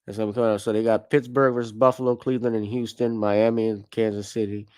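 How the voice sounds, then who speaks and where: Casual cussing sports-talk host. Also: male voice, lowish voice, flat delivery, quick pace, a little mellow, smooth. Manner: loose, profane, joking. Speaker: podcast host.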